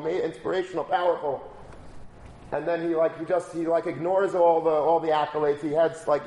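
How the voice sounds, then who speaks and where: A man's voice: fairly high pitch, a little mellow, a little hiss or hum. A man giving a casual Torah talk, telling a story and using many Hebrew and Yiddish terms. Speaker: rabbi. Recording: echoey room, faint ambience.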